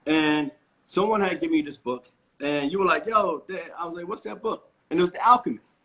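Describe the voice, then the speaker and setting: A man's voice: fairly high pitch, brisk, a bit bright. A man interviewing a guest in casual chat, enthusiastic and laughing often. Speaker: interviewer, co-owner of studio.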